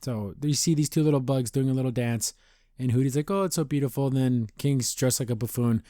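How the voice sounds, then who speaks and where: A man's voice: medium pitch, steady tone, mellow, no echo, studio quality. A man hosting a podcast, giving a casual, rambling recap of a cartoon episode with lots of restarts and fillers. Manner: rambling, loose retelling with frequent restarts and fillers; slips into quick paraphrased character voices.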